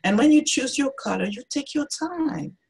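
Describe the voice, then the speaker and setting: A woman's voice: sits high, animated, normal speed, creaky, a little mellow, breathy edge, low-quality recording. A woman artist speaking as a guest on a video-call interview, thoughtful and searching for her words. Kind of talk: reflective interview talk.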